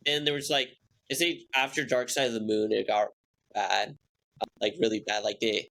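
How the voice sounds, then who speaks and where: A young man co-hosting a podcast, talking casually in a halting way with many fillers. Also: fairly low pitch, level tone, creaky, fairly bright tone. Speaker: podcast co-host. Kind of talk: casual chat.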